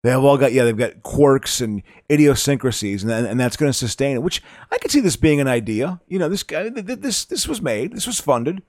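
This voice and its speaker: A man's voice: mid-range voice, lively intonation, fairly quick, hardly any pauses, darkish tone, no echo, clean studio sound. A man co-hosting a casual movie commentary podcast, rambling and laughing often. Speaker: podcast co-host.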